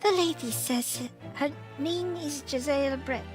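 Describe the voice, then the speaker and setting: A woman voicing a polite male undercover detective in a game, speaking calmly and matter-of-factly. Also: sits high, unhurried, music in the background.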